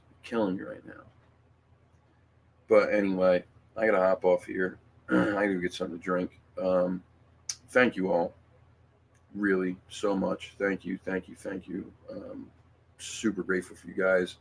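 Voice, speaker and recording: A middle-aged man with a very low, gravelly voice talks to his livestream viewers. He sounds emotional and halting, full of ums and restarts. Faint room noise sits behind him. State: emotional, near tears. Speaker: livestream host. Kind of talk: casual livestream chat.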